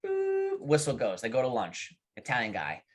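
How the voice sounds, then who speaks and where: A man co-hosting a podcast, telling jokes as an animated storyteller in casual chat. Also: lowish voice, a little fast, breathy edge. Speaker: podcast co-host.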